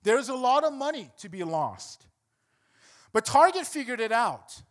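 A man's voice: very high-pitched, very animated, unhurried. A man preaching a sermon, telling a story and building to emphatic points. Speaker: pastor.

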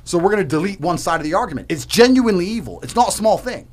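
A man's voice: big pitch swings, fast. A man ranting emphatically and profanely as a podcast guest in a heated debate. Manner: emphatic, ranting, profane, swings loud and high.

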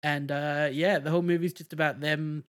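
A man's voice: a little high, little pitch movement, normal speed. A man in casual chat, recapping a film plot in a rambling way full of fillers and restarts. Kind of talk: casual movie review chat.

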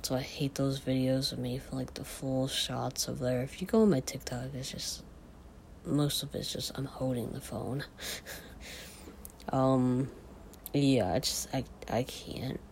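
A man whose voice is changing, cracking now and then, talks casually and confessionally on a podcast. He speaks haltingly with many fillers and restarts, at medium pitch with fairly even intonation, vocal fry, and a slightly mellow quality, over slight background noise.

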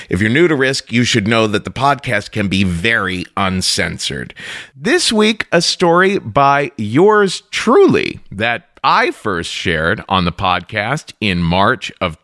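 A middle-aged man hosting a podcast, telling a personal story in a playful, animated way. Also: medium pitch. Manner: animated, playful, full of impressions. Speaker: podcast host.

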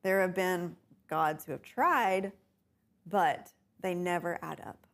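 A woman teaching a bible class, unhurried and often laughing with her students. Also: lowish voice. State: tickle in throat, coughing.

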